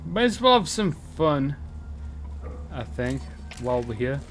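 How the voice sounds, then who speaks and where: A man casually commenting on his own gameplay, swearing a lot with loud frustrated outbursts. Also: fairly high pitch, very animated, measured pace, slight background noise. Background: game sounds.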